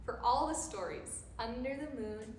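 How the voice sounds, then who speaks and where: A woman reads a rhyming picture book aloud for children in a sing-song voice. She speaks slowly with a high, light tone, and the roomy space gives her words an echoing tail over a faint hum. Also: expressive, faint music behind. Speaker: storyteller. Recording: roomy echo, faint background noise.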